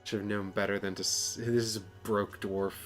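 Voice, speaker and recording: Low-ish guy streaming a board game, rambly chatty, bit of music behind. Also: little pitch movement, fairly quick. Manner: chatty, self-deprecating, rambling. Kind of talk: casual live-stream chat and reading game text.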